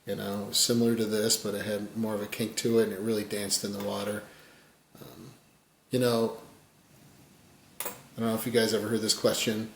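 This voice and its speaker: A man with a fairly low voice explains fly tying in a loose, folksy ramble. His words often trail off quietly as he focuses on his hands. The echoey room carries a faint background hum. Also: level tone, normal speed, pauses often. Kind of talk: casual tutorial talk.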